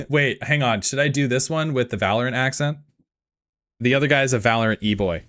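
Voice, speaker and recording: A man's voice: medium pitch, a little fast, fairly bright tone, dry recording, clean studio sound. Casual male streamer who laughs a lot and swears freely. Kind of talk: live reaction stream.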